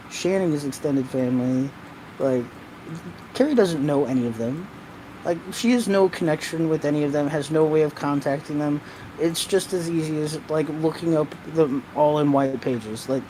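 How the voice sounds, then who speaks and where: Male co-host, slightly high voice, relaxed and rambling, faint noise behind. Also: rough recording. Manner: relaxed, filler-heavy, chuckling. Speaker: livestream co-host. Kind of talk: casual commentary chat.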